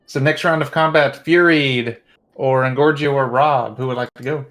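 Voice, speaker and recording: A man acting as game master, calmly making matter-of-fact rulings in a tabletop game. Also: medium pitch, normal speed.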